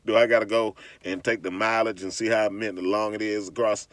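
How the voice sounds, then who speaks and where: A man's voice: fairly low pitch, flat delivery, moderate pace, a bit bright, no echo. A man delivering a heated, profane vlog rant, mocking his critics and often restarting or repeating words. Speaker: vlogger. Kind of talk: ranting vlog monologue.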